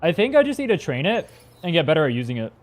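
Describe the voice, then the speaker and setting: A man's voice: a little high, sing-song, fast. A young man streaming a game, chatting in a rambling, casual way with plenty of swearing, his throat a little strained. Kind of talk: casual gaming stream chat.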